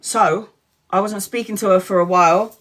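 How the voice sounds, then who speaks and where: A woman's voice: medium pitch, fairly even intonation, normal speed, fairly bright tone. Woman tarot host on a casual live stream, blunt, swears, laughs a lot, acts out the voices.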